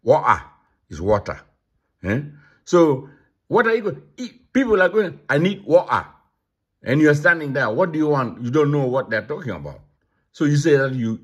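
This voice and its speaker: A man's voice: mid-range voice, slightly rough. A man from Uganda hosting his own channel, talking casually and emphatically, repeating points and checking in with his listeners. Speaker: channel host. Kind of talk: casual talk to camera.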